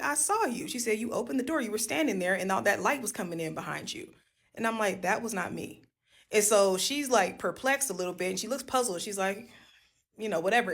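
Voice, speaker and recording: A woman casually telling a ghost story to her viewers, animated and profane, addressing them as y'all. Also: lowish voice, gravelly.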